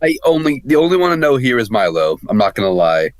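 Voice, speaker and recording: A man chatting casually with friends, reasoning through his picks out loud. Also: mid-range voice, sing-song, quick pace, no room sound. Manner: chatty, reasoning aloud with restarts. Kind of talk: casual chat.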